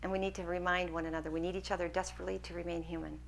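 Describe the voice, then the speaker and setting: A woman's voice: lowish voice, flat delivery, racing, vocal fry, a little hiss or hum. A woman lecturer taking questions from a hall audience, earnest and encouraging as she answers. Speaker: guest lecturer.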